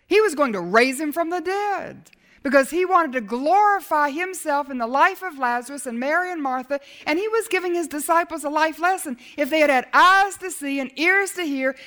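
A woman preaching a sermon as a Bible teacher, dramatic, swinging from emphatic lines to hushed ones. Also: high voice.

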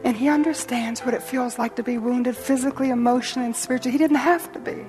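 A woman preacher delivering a sermon with dramatic swings from hushed whispers to ringing proclamation. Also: fairly high pitch, steady tone, quick pace, over music. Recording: reverberant hall.

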